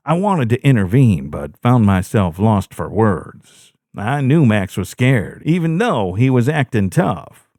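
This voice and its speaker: A man narrating a first-person horror story in a dramatic, expressive way. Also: on the low side, no room sound. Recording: dry close-mic narration.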